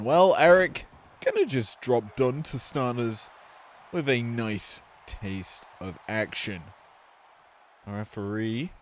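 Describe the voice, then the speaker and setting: A male commentator with a middle-range voice calls the action in a casual, joking way. He takes his time, drifting into offhand quips between the plays. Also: mid-range voice.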